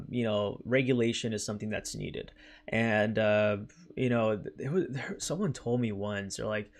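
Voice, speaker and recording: A man hosting a casual crypto livestream, heated and repetitive. He keeps tossing in "right?" and "freaking" as he talks through viewer chat. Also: mid-range voice. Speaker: crypto channel host.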